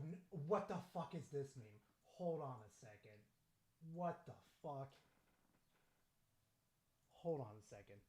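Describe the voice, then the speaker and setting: A man streaming casually, reading chat aloud and reacting with heavy swearing, muttering one moment and yelling the next. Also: sits high. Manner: profane, excitable, swings from muttering to yelling.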